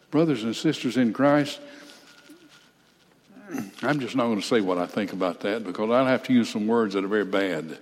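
An older man preaching a sermon, reading scripture slowly and breaking off for folksy, blunt asides. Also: medium pitch, lively intonation, a little mellow. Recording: reverberant hall.

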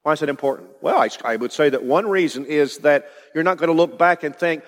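A man's voice: on the high side, a little fast, long reverb tail. A man preaching an expository sermon, emphatic and building to rising declarations.

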